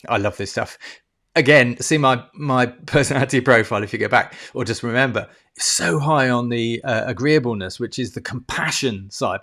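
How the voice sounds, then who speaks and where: Middle-aged guy coaching on camera, chatty and emotional, mid-pitch voice, keeps restarting and going ding ding. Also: moderate pace. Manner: animated, wordy, restarts a lot, makes ding sound effects; emotional, swears casually. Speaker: life coach. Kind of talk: casual teaching monologue to camera.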